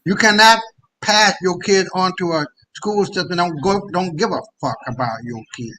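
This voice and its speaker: A man's voice: sits high, moderate pace, bright, forceful tone, rough recording. A man on a discussion panel urging parents in an emphatic, profane way. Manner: emphatic and profane, repeats words as he builds. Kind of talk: impassioned exhortation.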